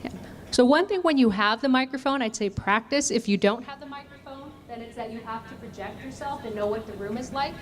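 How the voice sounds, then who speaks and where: A woman's voice: a little high, a little fast, slight background noise. A woman running a communication workshop, asking the audience questions and demonstrating voice techniques. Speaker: communication trainer. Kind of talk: interactive workshop teaching.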